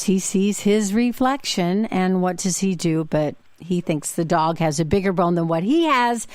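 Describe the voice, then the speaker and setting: A woman's voice: lowish voice, dry recording. Chatty woman podcast host, dry sound. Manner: chatty, with frequent fillers and restarts. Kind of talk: casual storytelling monologue.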